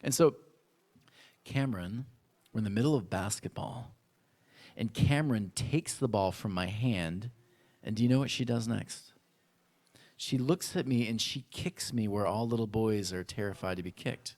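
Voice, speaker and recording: A male pastor telling a personal story in a sermon, acting out voices from his childhood with lively animation. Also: fairly low pitch, moderate pace. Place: church.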